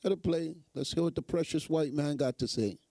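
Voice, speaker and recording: A man's voice: fairly high pitch, a little fast, mellow, no room sound. A man hosting a show, giving sarcastic, emphatic commentary on news clips and repeating phrases for effect. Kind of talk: mocking live commentary.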